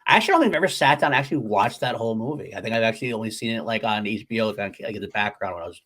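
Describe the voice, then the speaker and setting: A man's voice: on the low side, expressive, very fast, fairly bright tone, slightly rough. A man co-hosting a podcast in casual chat, laughing often and rambling with fillers. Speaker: podcast co-host.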